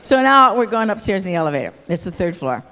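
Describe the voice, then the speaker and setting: A woman's voice: mid-range voice, big pitch swings, fast, bright, forceful tone, slight background noise. An older woman telling a comic anecdote on an auditorium stage, acting out the gestures as she goes and often asking "see?". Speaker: stage performer. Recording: echoey auditorium with long reverb.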